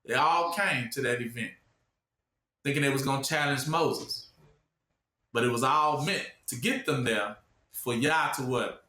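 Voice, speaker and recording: A man preaching informally, often pausing with "what?" for listeners to finish his sentences. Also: mid-range voice, bright, forceful tone, roomy sound. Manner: asks the audience to fill in the word with "what?".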